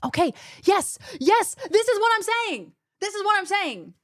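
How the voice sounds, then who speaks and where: A woman streamer chatting casually with her viewers, animated and rambling, often restarting her sentences. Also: extremely high pitch, moderate pace, no room sound, clean studio sound. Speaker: gaming streamer.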